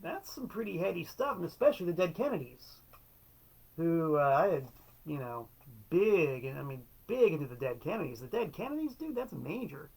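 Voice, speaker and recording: A man's voice: on the high side, very animated, moderate pace, creaky, darkish tone, breathy edge. A middle-aged man hosting a casual solo show, telling stories in an enthusiastic, wry way with playful quotes. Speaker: show host and record collector.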